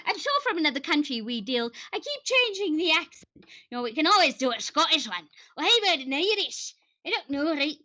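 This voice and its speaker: A woman voices a scatterbrained lady senator lost out of her own time. She rambles in a high, bright voice that swoops up and down. She keeps hopping between accents as she goes. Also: very animated, fairly quick, exaggerated voice. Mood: rambling. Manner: rambling, theatrical, switches accents on a whim. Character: eccentric time-travelling lady senator from long ago. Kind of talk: improvised character live stream.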